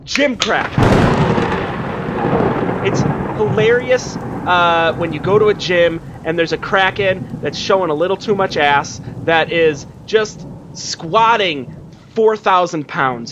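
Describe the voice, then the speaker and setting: A man's voice: high voice, highs cut off, background noise. A man hosting a comedy word game podcast, joking loosely, laughing and swearing. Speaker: host.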